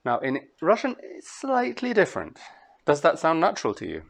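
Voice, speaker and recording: Man, Scottish accent, lecturer, animated pitch, chants rhythms, lecture hall. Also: moderate pace, vocal fry. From Scotland. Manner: lively, musical, hums rhythms aloud. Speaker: translator giving a master class. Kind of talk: lecture to students.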